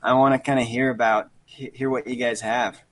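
A man in his thirties hosting a relaxed podcast conversation. He talks in an easygoing, chatty way, often stumbling and restarting mid-sentence, at a medium pitch. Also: a little fast. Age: 30s. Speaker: podcast host. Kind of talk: casual chat.

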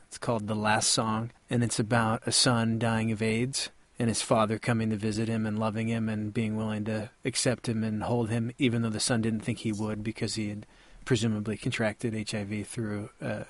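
A man's voice: fairly low pitch, a bit bright, no echo. A man in his thirties sharing a heartfelt, reflective story in casual chat.

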